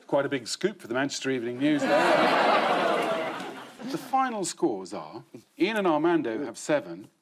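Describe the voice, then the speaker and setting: A man hosts a comedy quiz in a television studio, his slightly high voice rising and falling widely as he delivers wry set-up jokes. The recording carries a clear layer of background noise. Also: very animated, normal speed, long pauses, a bit bright, some chatter behind. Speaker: quiz show host. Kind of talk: scripted quiz hosting with punchline jokes.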